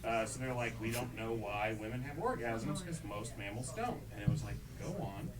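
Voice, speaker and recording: A young man doing stand-up comedy, telling stories in a deadpan way and acting out both sides of each exchange. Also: medium pitch, moderate pace, a crowd in the background. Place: small theatre stage. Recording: distant mic with audience laughter.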